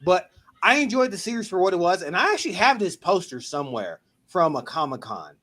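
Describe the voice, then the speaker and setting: A man's voice: sits high, big pitch swings, fairly quick, fairly bright tone. A man hosting a casual pop-culture podcast, talking animatedly and acting out his own reactions in quotes. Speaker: podcast host. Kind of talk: casual chat.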